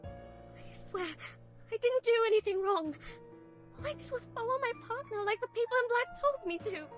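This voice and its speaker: A woman's voice: high voice, takes it slowly, soft background music. A woman voicing a frightened, ever-hungry young woman who pleads for her life in a game. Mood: pleading, terrified. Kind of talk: game voice acting.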